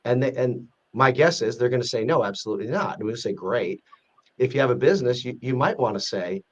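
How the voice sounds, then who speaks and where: A man speaks as a podcast guest. His pitch is middle-of-the-road and his delivery is earnest and measured, often circling back to restart a sentence. The sound comes through a dull, lo-fi remote connection. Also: animated. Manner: earnest, measured, explaining step by step with frequent restarts. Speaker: guest, president of an advocacy group. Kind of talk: podcast interview.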